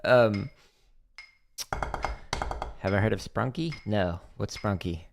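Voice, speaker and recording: In a home practice room with drums, a man hosts a drumming livestream, chatting casually between practice and laughing often as he mocks commenters' voices. His voice is low, slow and gravelly, over loud music.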